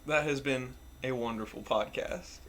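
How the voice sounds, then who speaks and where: A man's voice: mid-range voice, moderate pace, background noise. A man hosting a podcast, wrapping up with hyped, profane banter. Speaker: podcast host. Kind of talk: casual chat.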